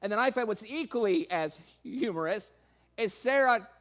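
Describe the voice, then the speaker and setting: A man's voice: expressive, moderate pace, a bit bright. A man preaching a sermon, laughing often and playfully acting out the people in his reading. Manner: acts out quoted voices with sudden pitch jumps.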